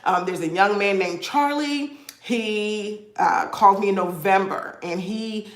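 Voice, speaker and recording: Speaking a little slowly in a medium-pitched voice, a woman leads a live video call as a credit repair coach. In an echoey room, she encourages and motivates her viewers warmly, referring to them as "y'all."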